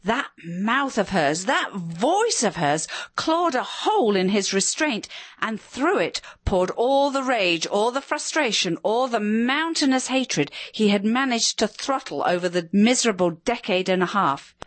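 A woman reading a story aloud, dramatic and expressive, her pitch moving freely through each line. The recording is close and dry, with little room sound. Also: a little slow, no echo.

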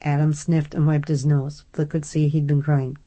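A woman narrating an audiobook in a steady storytelling manner. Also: sits low, normal speed.

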